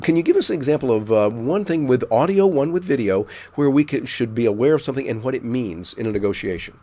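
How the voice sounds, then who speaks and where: A male host who talks quickly and asks chatty, jokey questions over a video call. He speaks at a middle pitch and keeps the exchange brisk. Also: animated, dark tone. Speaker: interview host.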